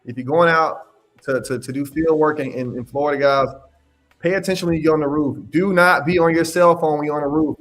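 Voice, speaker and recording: A young man hosting a casual livestream Q&A as a mentor. He talks in an animated, slangy way, laughs often and repeats his phrases. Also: on the high side, brisk, soft background music. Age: young adult. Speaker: independent adjuster mentor hosting a live Q&A.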